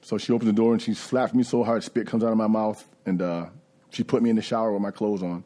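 Low, mellow-voiced man telling his story. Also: steady tone, fast talker. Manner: candid, conversational storytelling. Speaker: recovery speaker. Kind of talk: personal recovery testimony.

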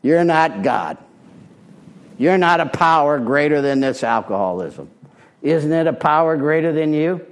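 A man's voice: a little high, lively intonation, measured pace. An older man giving a personal testimony talk at a recovery meeting, blunt and plainspoken. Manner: blunt, plainspoken, street-wise.

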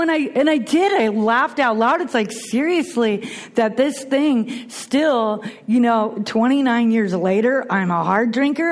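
A woman's voice: fairly high pitch, unhurried. A middle-aged woman speaking earnestly and animatedly as a speaker at a recovery meeting, with many restarts. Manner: earnest, animated, frequent restarts and you-knows. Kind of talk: personal testimony talk.

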